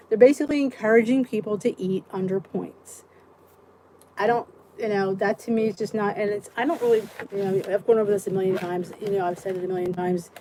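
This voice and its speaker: Ranting high-voiced woman in her fifties. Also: a little mellow, a little hiss or hum, low-quality recording. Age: 50s. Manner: ranting, talks straight to viewers and greets them by name. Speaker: host of a live support chat. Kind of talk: casual livestream chat.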